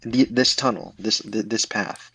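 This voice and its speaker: Hesitant low-voiced male player. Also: moderate pace, fairly bright tone, slightly rough, low-quality recording. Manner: hesitant, many fillers and restarts. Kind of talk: tabletop game play.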